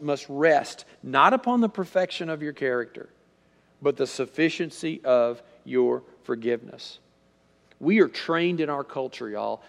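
A male pastor preaching a sermon in a conversational style, repeating words and swinging between loud emphasis and near-quiet storytelling. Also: on the high side, gravelly, long reverb tail.

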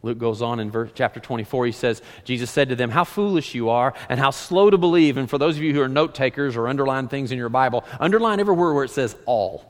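A man preaching a sermon as pastor, reading scripture aloud and swinging from loud emphasis to hushed lines. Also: medium pitch, quick pace, few pauses. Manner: animated preaching, reads scripture aloud, rises and drops dramatically. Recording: long hall reverb.

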